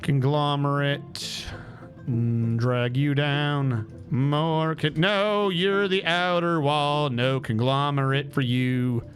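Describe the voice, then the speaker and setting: Soft music plays behind a man who streams a game, talking to himself in a relaxed mutter and sometimes humming. His voice is a little high and steady, and he speaks slowly.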